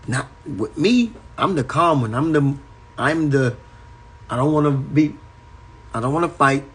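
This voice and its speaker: A man's voice: fairly high pitch, animated, unhurried, breathy edge, low-quality recording. Man preaching with repetitive emphasis. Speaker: spiritual teacher. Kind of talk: preaching livestream monologue. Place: at home indoors.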